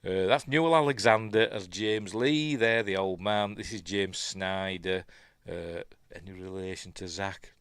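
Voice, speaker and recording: A man's voice: deep voice, measured pace, fairly bright tone, clear, resonant tone, dry recording. A man with a Yorkshire accent giving a casual film review, rambling and muttering asides to himself. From Yorkshire, England.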